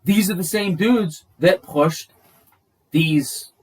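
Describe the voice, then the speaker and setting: A man's voice: high voice, takes it slowly, slightly rough, recorded from a distance. A man co-hosting a casual podcast chat, emphatic and agreeable, piling up examples to make his point. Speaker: podcast co-host.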